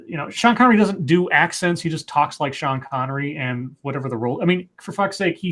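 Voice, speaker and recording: A man's voice: a little high, a bit bright. A man co-hosting a casual live stream, reading out viewer questions with hesitant, stammering restarts.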